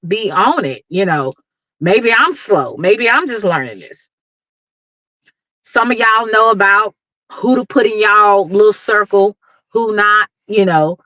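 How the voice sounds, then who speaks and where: Laughing frequently, a middle-aged woman from Dallas, Texas preaches emphatic motivation to the viewers of her YouTube livestream. Her medium-pitched voice has a sharp tone, and the recording is muffled but free of echo.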